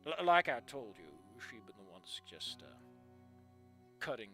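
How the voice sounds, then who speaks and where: A man voicing a soft-spoken, weary father in a fan fiction read-aloud, with a low, hushed and reflective way of telling things. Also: big pitch swings, normal speed, soft background music. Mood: somber.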